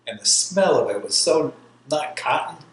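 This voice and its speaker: A man's voice: fairly high pitch, expressive, normal speed. A man in his sixties from New York, an army veteran telling his life story in an oral history interview, rambling and laughing as he goes. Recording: roomy with faint background hiss.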